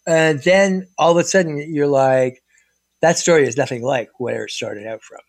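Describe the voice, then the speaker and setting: A man's voice: on the high side, moderate pace, vocal fry, no echo. A man in casual conversation, telling stories with lots of fillers and restarts. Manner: animated storyteller, many fillers and restarts.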